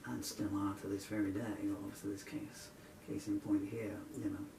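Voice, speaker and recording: A man's voice: fairly low pitch, flat delivery, brisk, vocal fry, reverberant, far from the mic, noisy background. A man in his sixties talking in a rambling, digressive way between songs, growing indignant as he goes. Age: 60s. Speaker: singer-songwriter.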